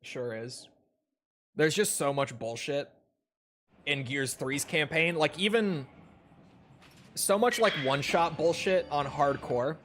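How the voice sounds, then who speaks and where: A man's voice: on the high side, unhurried, fairly bright tone, slight background noise. Joking, foul-mouthed young streamer man. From Minnesota. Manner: loose, joking, swears freely. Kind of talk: casual gameplay stream chat. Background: game music.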